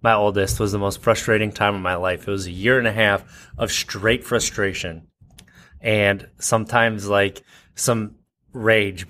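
A man in his thirties co-hosting a podcast, telling a family story in casual chat and jumping up high to quote his kids. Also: fairly bright tone. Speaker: podcast co-host.

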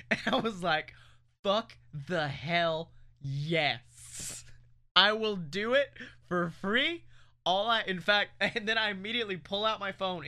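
Man, high bright voice, podcast co-host, rambling, self-mocking, laughing a lot. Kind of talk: casual podcast banter.

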